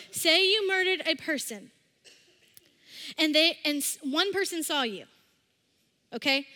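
Chatty high-voiced woman preaching in a reverberant hall. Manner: chatty, acts out quotes with animated voices. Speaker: speaker at a church service. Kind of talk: casual conversational sermon.

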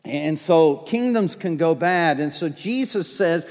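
A man's voice: on the high side, expressive, unhurried, long reverb tail. A man preaching a sermon as pastor, emphatic and driving his points home with repeated declarations.

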